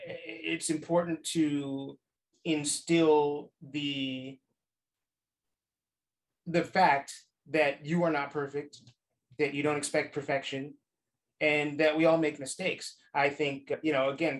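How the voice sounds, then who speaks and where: A man's voice: fairly high pitch, rough recording. A man hosting a podcast, asking questions in a thoughtful, hedging way with restarts and casual swearing. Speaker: podcast host. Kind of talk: casual interview chat.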